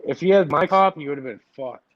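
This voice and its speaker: A man's voice: a little high, fast talker, dry recording, highs cut off. A man in a casual chat, telling stories loosely with constant swearing and filler words. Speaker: chat partner.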